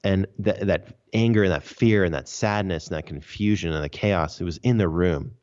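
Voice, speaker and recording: A man's voice: sits low, normal speed, darkish tone. A man, a podcast guest, recounting his story earnestly and emphatically in a casual interview. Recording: dull lo-fi audio.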